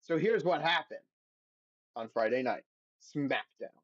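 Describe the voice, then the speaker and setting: A man's voice: medium pitch, lively intonation, unhurried, fairly bright tone, dry recording, highs cut off. A man hosting a podcast on his own, reading results aloud and then giving blunt, profane opinions in a casual recap. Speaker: podcast host.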